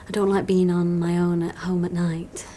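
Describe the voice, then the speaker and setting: A woman's voice: lowish voice, flat delivery, normal speed, mellow, slight background noise, natural voice. An actress playing a tired, sleepless woman, talking hesitantly with sighs, in a television drama. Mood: weary. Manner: hesitant, sighing, wry. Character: weary insomniac woman, soldier's wife. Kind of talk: TV drama acting.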